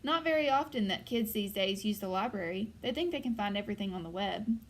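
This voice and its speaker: A woman reading the lines of a grumpy older male librarian, curt and gruff. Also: medium pitch, animated, fairly quick, close to an everyday voice.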